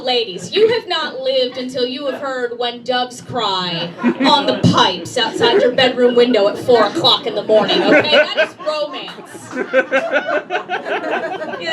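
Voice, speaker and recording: A woman performing a stand-up comedy set, brash and conversational, talking straight to the crowd. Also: fairly high pitch. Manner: brash, conversational, addresses the audience directly. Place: comedy club stage. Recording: distant mic, noisy room ambience.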